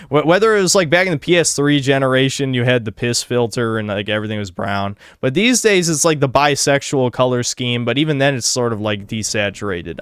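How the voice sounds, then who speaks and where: A man's voice: medium pitch, a bit bright, smooth, dry recording, studio quality. A man hosting a casual podcast while gaming, rambling and swearing with lots of filler words. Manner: rambling, profane, heavy use of "like". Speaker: podcast host.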